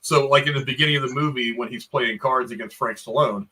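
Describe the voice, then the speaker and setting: A man's voice: medium pitch, fast, bright, forceful tone, rough recording. A man co-hosting a casual movie review chat, rambling a bit and laughing often. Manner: rambling, laughing, restarts a lot. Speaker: podcast co-host.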